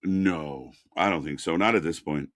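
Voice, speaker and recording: This very deep male voice moves at a moderate pace, recorded at studio quality with no room sound. He's the agreeable co-host of a casual live wrestling watch-along stream, backing up his partner with short replies and explaining the chat points contest he runs.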